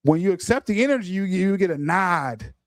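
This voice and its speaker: Animated high-voiced man laughing through commentary. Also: fairly quick, slight background noise. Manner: laughs often, animated and mocking. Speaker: podcast host. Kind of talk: reaction commentary on a clip.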